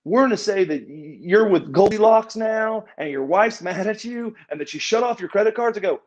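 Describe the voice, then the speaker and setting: Middle-aged male interview guest, high-ish voice, rambling storyteller who stammers and repeats words, lo-fi sound. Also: moderate pace, a little mellow. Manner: rambling, repeats and restarts words, acts out quoted dialogue. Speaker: guest, former pro wrestler. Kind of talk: casual shoot interview storytelling. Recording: muffled lo-fi audio.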